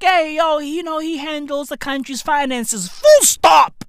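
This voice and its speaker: Young woman, mocking profane rant, highish voice, dry close sound. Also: measured pace, no echo. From South Africa. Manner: sarcastic, swearing, mocking, loud outbursts. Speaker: commentary vlogger.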